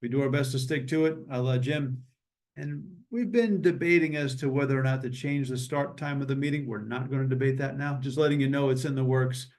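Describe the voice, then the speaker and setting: A man hosting an online memorial meeting over a video call, talking in a relaxed, joking and meandering way. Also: medium pitch, a little fast. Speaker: meeting host. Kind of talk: casual memorial meeting chat.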